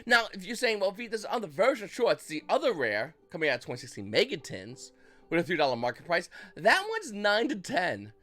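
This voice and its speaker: Male host, casual market commentary, lively pitch, rambling and playful. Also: fairly quick, soft background music. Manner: animated, acts out buyers' reactions in mock voices; loose, rambling delivery with restarts. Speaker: trading card market commentator.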